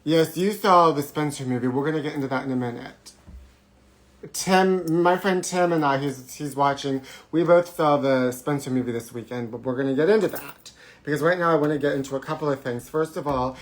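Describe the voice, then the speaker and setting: A man's voice: fairly high pitch, normal speed, fairly bright tone. A man hosting a live show, talking in a theatrical, gossipy way and jumping from topic to topic. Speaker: host of a live trash-talk show. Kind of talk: campy live-stream monologue. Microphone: forgot to put on his microphone.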